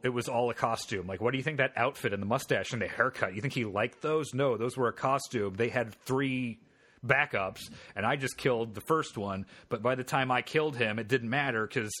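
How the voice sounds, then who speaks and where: A man's voice: mid-range voice, pushed and bright. Rambling man recapping a movie. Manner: rambling, acts out quoted lines in funny voices. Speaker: podcast co-host. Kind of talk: casual film review chat.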